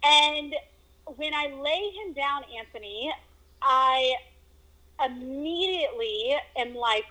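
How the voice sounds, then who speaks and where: A woman telling a personal story in a casual conversation, animated and acting out moments with exclamations. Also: high-pitched, slow, poor audio. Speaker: guest telling her story.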